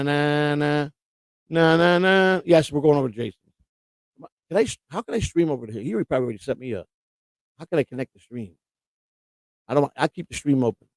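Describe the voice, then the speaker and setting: A man's voice: on the high side, creaky, a little mellow, no room sound. A middle-aged man hosting a live stream, rambling and combative in casual chat. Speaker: livestream host.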